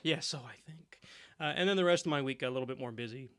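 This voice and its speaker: A man's voice: medium pitch, fast, a bit bright, clear, resonant tone. A man co-hosting a podcast in casual chat, telling stories and laughing often. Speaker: podcast co-host.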